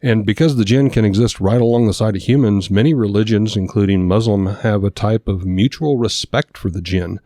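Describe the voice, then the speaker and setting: A man's voice: lowish voice, a little fast, hardly any pauses, mellow, no room sound, clean studio sound. A man co-hosting a podcast, reading from notes in a casual way and stumbling now and then over hard names. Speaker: podcast co-host.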